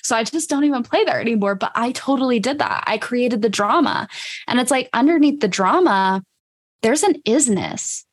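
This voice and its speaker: A woman hosting a casual podcast chat, enthusiastic and quick to laugh, playfully quoting herself. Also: on the high side, expressive, husky. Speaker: podcast host.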